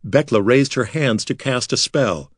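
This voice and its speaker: A man narrating a fantasy audiobook in a measured, dramatic way. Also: medium pitch, dry recording, studio quality. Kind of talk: scripted narration.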